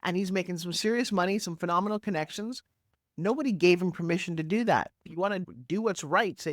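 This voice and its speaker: A woman in her sixties, a podcast guest talking over a video call, telling her story in an energetic, emphatic way with big swoops in pitch. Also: a little fast, no room sound, clean studio sound. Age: 60s. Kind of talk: animated interview storytelling. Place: home office, Florida.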